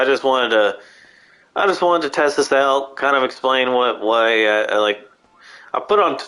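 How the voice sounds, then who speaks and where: A man's voice: medium pitch, sharp tone. Rambling sick young-sounding man streaming. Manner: rambling, halting with many restarts. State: sick and nasal. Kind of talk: casual gameplay stream chat. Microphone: headset mic through console.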